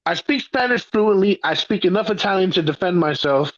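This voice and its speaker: A man's voice: high-pitched, brisk, no room sound, highs cut off. A man hosting a podcast, telling stories in a brash, profane, casual way. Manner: brash, profane, animated storyteller. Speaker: podcast host. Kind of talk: casual chat, storytelling.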